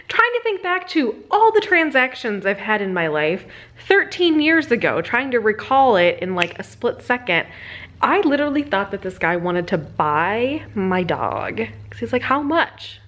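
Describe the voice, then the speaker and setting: A woman vlogger at home on a sofa, telling a funny story in a chatty, animated way and laughing often. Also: a little high, measured pace. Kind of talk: casual storytelling vlog.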